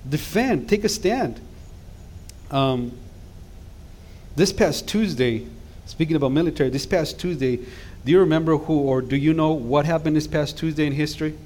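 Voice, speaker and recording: A man's voice: on the high side, moderate pace, a little mellow. A middle-aged man, a guest pastor preaching an impassioned sermon in a church that swells into emphatic calls to action. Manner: impassioned, rising to emphatic exhortations. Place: church sanctuary.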